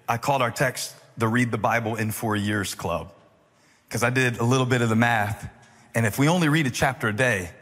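Husky-voiced preacher man in an echoing hall. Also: mid-range voice. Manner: animated, joking, rising to loud emphatic preaching. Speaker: pastor. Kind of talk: humorous storytelling sermon. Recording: echoey hall reverb.

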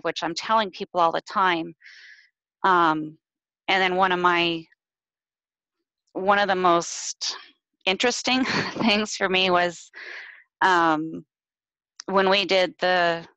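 A woman's voice: on the low side, bright, forceful tone, clean tone, no room sound, poor audio. Nervous, hesitant woman on a video call. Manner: nervous, hesitant, emotional, with many ums. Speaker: team member sharing reflections. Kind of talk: casual live video chat.

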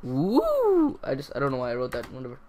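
A teenage boy casually commenting on his own gameplay, talking to himself in a rambling way with sudden excited outbursts. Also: medium pitch, very fast. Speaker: gaming channel host.

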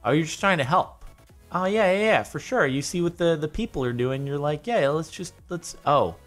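A man's voice: a little high, expressive, a little fast, a bit bright, soft background music. Man rambling through a jokey video reaction. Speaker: vlogger. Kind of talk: casual video reaction commentary.

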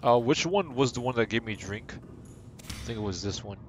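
A man's voice: medium pitch, lively intonation, brisk, background noise. A young man streaming a video game live, chatting to his viewers in a rambling, playful, self-deprecating way. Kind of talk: casual live-stream chat while gaming. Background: game music.

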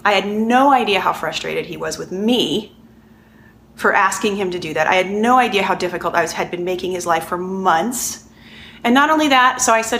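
A middle-aged woman giving a conversational coaching lesson, animated and repeating points for emphasis. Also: medium pitch, moderate pace, vocal fry, slight background noise. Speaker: life coach.

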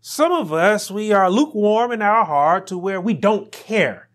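A man preaching a sermon as pastor, building to emphatic peaks and dropping to quiet asides. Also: sits high, expressive, a little slow.

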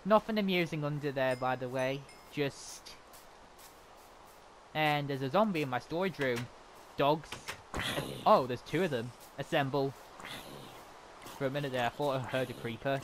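A man giving excitable, chatty commentary while playing a game. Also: medium pitch, measured pace, pauses often, background noise. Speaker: gamer. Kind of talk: casual gameplay commentary.

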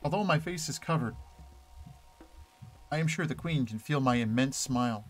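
A man reading the inner thoughts of a calm, young masked wanderer from a game, quiet and reflective. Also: medium pitch, normal speed, natural voice.

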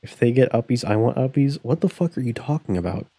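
Guy streaming a game, swears a lot, laughs, dark husky voice, dry. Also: mid-range voice, animated, fast, no room sound. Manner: profane, joking, laughs often. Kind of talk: casual live-stream commentary while playing.

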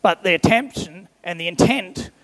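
A young man preaches a sermon, telling everyday stories and briefly putting on the voices of the people in them. His voice sits high for a man. He was recorded in a large church hall, and a long echo trails after his words. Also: expressive, normal speed.

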